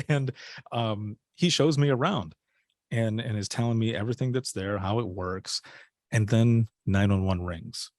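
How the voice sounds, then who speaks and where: Man, low voice, dry close sound, casual storytelling, acts out quoted lines. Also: a little slow, no echo. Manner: animated storyteller acting out quoted dialogue. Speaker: podcast guest, former dispatcher.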